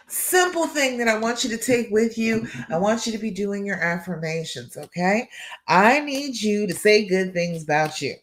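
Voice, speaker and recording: A woman's voice: medium pitch, expressive, moderate pace. A woman hosting a live coaching stream, talking in an encouraging, emphatic way and often checking in with "all right" and "okay". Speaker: relationship coach and live show host.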